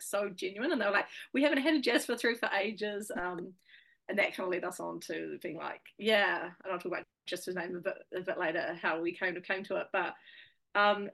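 A woman's voice: medium pitch, a bit bright. A young woman with a New Zealand accent, a guest chatting casually in an interview, full of fillers and laughs.

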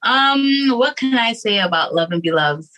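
A woman's voice: on the high side, lively intonation, normal speed, sharp tone, rough recording. A young woman singer, a guest, chatting casually and hesitantly, with many restarts and fillers. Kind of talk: casual interview chat.

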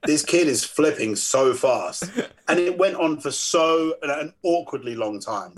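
Podcast guest: man, husky, lively anecdote teller. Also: on the high side, unhurried. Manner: animated storyteller acting out quoted voices. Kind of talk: casual chat.

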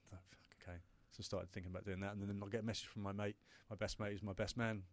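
A British man in his thirties recounts a hard stretch of his life as an interview guest. He talks quickly in a lowish voice, restarting sentences and swearing now and then. It comes out emotional and unpolished. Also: level tone. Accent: British English. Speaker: guest, startup founder. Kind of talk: candid interview storytelling.

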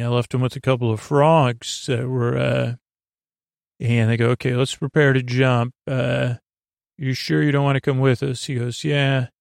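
A man hosting a podcast, casually recapping an episode in a halting way, full of fillers and restarts. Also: mid-range voice, gravelly, no room sound, studio quality. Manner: retells scenes in a flat paraphrase of the dialogue. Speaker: podcast host.

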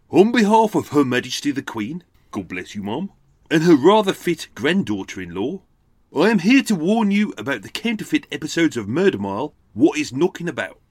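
A man's voice: medium pitch, dry recording. A man doing a cheeky Cockney copper. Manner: mock-formal police patter. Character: jokey male Cockney police constable, cheeky. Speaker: podcast host doing a character bit.

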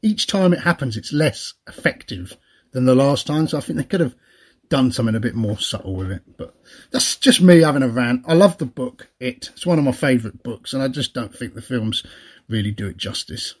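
Chatty husky-voiced man. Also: mid-range voice, animated, a little fast. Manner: chatty, rambling, laughs often. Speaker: podcast co-host. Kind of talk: casual chat.

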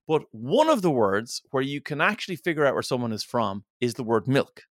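A man in casual podcast conversation, his voice sitting at an ordinary middle pitch. He tells rambling, chatty stories with playful asides. The sound is dry and close, with no room around it. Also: big pitch swings, fairly quick, no room sound.

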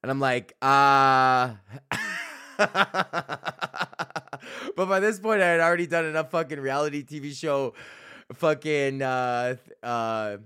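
Rambling, profane comedian host. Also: male voice, on the high side, unhurried, a bit bright, smooth. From Canada. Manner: rambling, profane, laughs at own stories. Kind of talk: casual comedic monologue.

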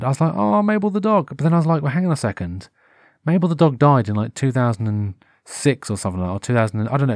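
A man with a British accent talks on his own in an unscripted podcast, wandering from thought to thought and often correcting himself mid-sentence. His voice sits at an ordinary middle pitch. The recording is dry and close, with no room sound. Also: dry recording. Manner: rambling, self-correcting, breaks into animated put-on voices. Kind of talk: unscripted solo monologue. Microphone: headphones with a wired mic.

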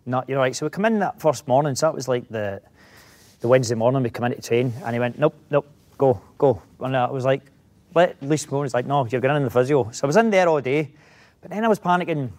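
Fast-talking Scottish man telling stories. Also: mid-range voice, a little mellow. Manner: rambling anecdotes full of restarts. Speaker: actor, interview guest. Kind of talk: casual interview storytelling.

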